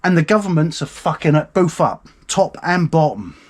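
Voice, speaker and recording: A man's voice: a little high, very animated, moderate pace, a little mellow. A man hosting a live stream, rambling and swearing indignantly about politics. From United Kingdom. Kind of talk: casual ranting commentary.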